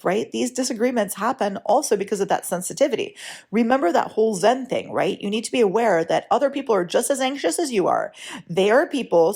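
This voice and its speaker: A woman hosts her own podcast as a writing coach, speaking in a relaxed, conversational way. She is frank and now and then mildly profane, and she keeps checking in with her listeners with a quick "right?". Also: medium pitch, creaky, husky. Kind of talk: casual solo podcast talk.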